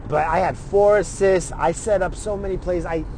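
Middle-aged guy telling a crude story, bit of a higher voice, faint hiss behind. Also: moderate pace. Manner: profane, animated, quotes others in his own voice. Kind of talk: casual storytelling.

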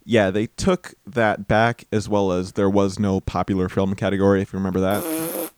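A man co-hosting a podcast in casual chat, animated and hedging, laughing often. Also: fairly low pitch, moderate pace, clear, resonant tone, no echo, clean studio sound. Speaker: podcast co-host.

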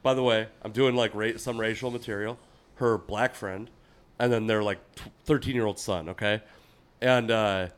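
A man's voice: fairly low pitch, steady tone, normal speed, smooth. A man, a comedian hosting a podcast, trading gig stories in loose, swearing banter. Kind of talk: casual chat.

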